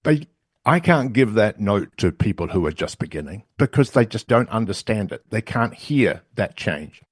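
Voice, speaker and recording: A middle-aged man with a New Zealand accent talks through his views as a podcast guest. His voice sits fairly low and the recording is close and dry. He talks in a lively, conversational way and keeps checking in with "right?". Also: moderate pace, slightly rough, no room sound. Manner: animated, often tags lines with "right?". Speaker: voice and video coach, guest. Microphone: studio headphones and mic.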